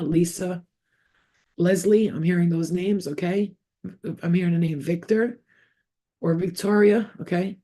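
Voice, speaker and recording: A woman's voice: lowish voice, dark tone. A woman giving a psychic reading to camera, rambling and emotional as she repeats the names and messages she hears. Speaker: psychic medium. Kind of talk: channeled spirit reading to camera.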